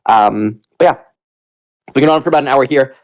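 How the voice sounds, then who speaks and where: A Canadian man hosting a casual community town hall, relaxed and jokey, rambling a little as he talks into a computer mic. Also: mid-range voice, fairly quick. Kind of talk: casual live audio chat.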